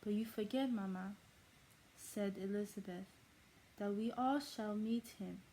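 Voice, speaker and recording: A woman putting on a halting fake German accent. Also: medium pitch, dark tone, slight background noise, close to an everyday voice, rough recording. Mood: careful reading. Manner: halting, with stumbles and rereads. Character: female reader of a classic novel in a mock accent. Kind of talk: reading aloud.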